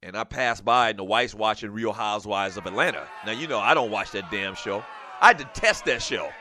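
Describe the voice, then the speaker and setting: Bright-voiced animated sports talk host, man. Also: fairly low pitch, a little fast, slight background noise. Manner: animated, laughing, drops "man" often. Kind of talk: casual call-in show monologue.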